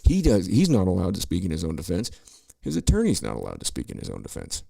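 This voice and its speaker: Here the host speaks fast in a low, dark voice whose pitch swoops wildly, edged with vocal fry and free of room sound. The middle-aged man delivers profane, sarcastic political commentary over news clips.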